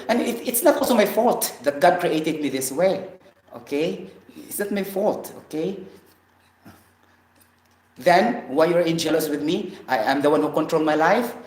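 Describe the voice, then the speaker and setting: A man rambles through a lecturing vlog monologue, and he keeps tagging his points with a rising "okay?". His voice sits at an ordinary middle pitch. The room around him gives a hollow, echoey ring. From Philippines. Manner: preachy, rambling, ends phrases with a questioning "okay?". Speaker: vlogger. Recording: roomy echo.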